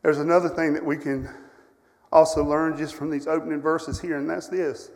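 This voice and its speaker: A middle-aged man preaching a sermon, telling personal stories with feeling, rising loud and then dropping to a hush. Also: a little high, level tone, normal speed. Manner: emotional storytelling, swings from loud to hushed. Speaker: camp director preaching. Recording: long hall reverb.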